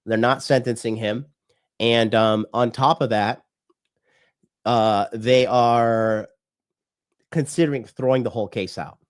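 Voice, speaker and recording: A man's voice: mid-range voice, steady tone, slow, pauses often. A man from the United States, a dating coach hosting a livestream, talking in a blunt, profane, preachy rant.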